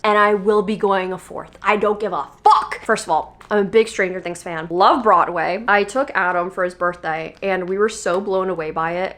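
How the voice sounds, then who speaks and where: A young woman in her twenties chatting casually in a vlog, gushing and playful, swearing freely and poking fun at herself. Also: mid-range voice. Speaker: vlogger. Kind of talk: casual chat. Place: New York.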